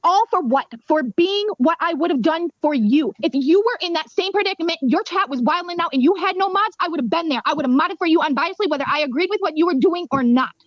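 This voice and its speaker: A woman's voice: extremely high pitch, animated, quick pace, hardly any pauses, no room sound. A woman hosting a livestream, ranting angrily with lots of swearing. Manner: angry, profane, emphatic. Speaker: livestream host. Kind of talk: heated livestream rant. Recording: dull lo-fi stream audio.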